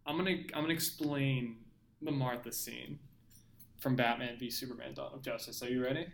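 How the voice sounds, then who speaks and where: A man's voice: mid-range voice, fairly even intonation, brisk, gravelly, slight background noise. A young man co-hosting a podcast in casual chat, sarcastically retelling scenes. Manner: sarcastic, mocking retellings with frequent laughing. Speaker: podcast co-host. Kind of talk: casual movie-review chat.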